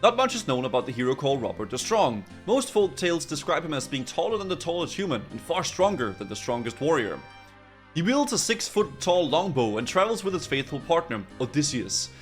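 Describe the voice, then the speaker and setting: Guy doing a bookish librarian reading lore, steady and measured. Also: fairly high pitch, faint music behind. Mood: lecturing. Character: scholarly male librarian reciting lore.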